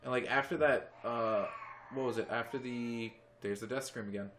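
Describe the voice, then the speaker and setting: A man's voice: mid-range voice, steady tone, normal speed, a bit bright. A young man co-hosting a casual podcast, rambling and joking while drinking a beer. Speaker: podcast co-host. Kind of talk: casual chat.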